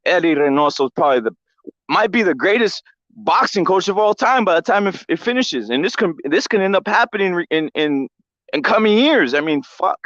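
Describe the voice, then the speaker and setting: A man hosting a combat sports show in a casual, profane, animated rant that keeps circling back on itself. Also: high-pitched, fairly quick, dry recording, highs cut off. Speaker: show host.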